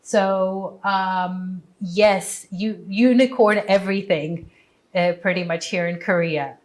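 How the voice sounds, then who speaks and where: A woman in her thirties from Poland, a startup community founder speaking in a measured, fluent way in an interview. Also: mid-range voice, fairly even intonation. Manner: measured, fluent with occasional fillers. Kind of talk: conversational interview.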